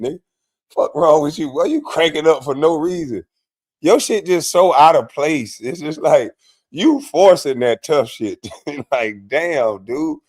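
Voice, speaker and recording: A man's voice: on the high side, darkish tone. A man hosting a live stream, mocking and cursing his way through commentary on a clip, laughing often.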